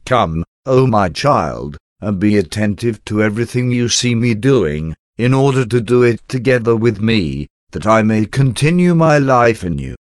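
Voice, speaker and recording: Man voicing gentle suffering Jesus. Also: fairly low pitch, sing-song, moderate pace, few pauses, dry recording, clean studio sound. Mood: tender.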